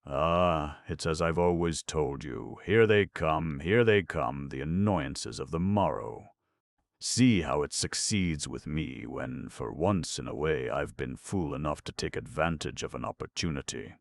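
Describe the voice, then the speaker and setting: A man's voice: extremely low pitch, expressive, normal speed, gravelly, no echo, exaggerated voice. A man voicing an embarrassed, exasperated young man who grumbles back defiantly. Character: sulky, exasperated young nephew.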